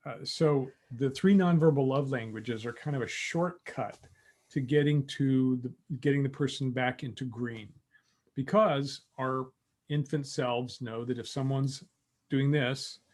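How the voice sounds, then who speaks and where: A man teaching about relationships on a community call, explaining calmly with light laughs. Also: mid-range voice, a little slow.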